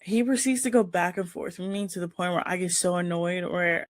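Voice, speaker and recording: A woman's voice: on the low side, a little fast, no room sound. A woman hosting a casual chat show, telling a long personal story and acting out what people said. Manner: animated, acts out the quoted lines in the story. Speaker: host.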